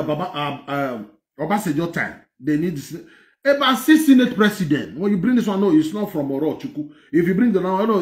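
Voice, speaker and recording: A man with a Nigerian accent giving animated political commentary on clips. He is excited and mocking, laughs often, and mixes Pidgin with English. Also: fairly high pitch, reverberant.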